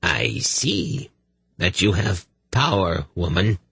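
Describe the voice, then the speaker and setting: A man's voice: sits low, big pitch swings, slow pace, vocal fry, fairly bright tone, breathy edge, no room sound, exaggerated voice. A man reading an audiobook, voicing a mad, menacing forest hermit with a rusty, growling voice. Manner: threatening and unhinged.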